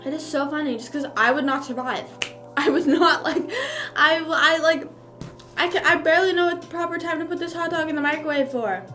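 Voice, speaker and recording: A woman's voice: sits high, fairly quick, pushed and bright, soft background music. A young woman streamer in casual mukbang chat, rambling with lots of fillers and talking while she chews.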